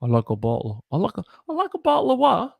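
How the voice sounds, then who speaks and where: A man's voice: high-pitched, huge pitch swings, quick pace, creaky, darkish tone, slightly rough, no echo, clean studio sound, voice pushed up, exaggerated voice. A man putting on an exaggerated, comic mock-British accent as a man asking for water. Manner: over-the-top, comic.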